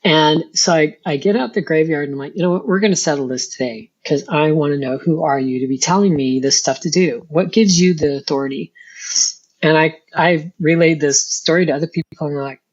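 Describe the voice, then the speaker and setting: A woman's voice: low voice, a little fast, darkish tone, husky. A middle-aged woman, a guest on an interview show, telling her personal story and acting out her past rants as she goes. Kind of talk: personal testimony in conversation. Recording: dull lo-fi sound.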